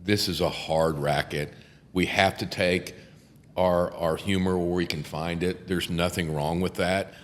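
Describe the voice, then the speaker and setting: A low-voiced older man with a drawl spins courtroom war stories, swearing freely and breaking into laughter. His voice rings with a long reverb from the room. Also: fairly even intonation, a little slow. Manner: profane, laughing, acts out quotes. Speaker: podcast host, defense attorney. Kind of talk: casual storytelling chat.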